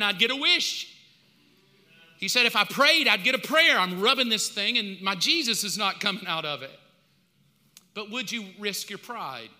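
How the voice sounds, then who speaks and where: With a pushed, bright voice that sits high, a pastor from the United States preaches in a loose, colloquial style full of slang asides. Long reverb from a large hall hangs over the sound.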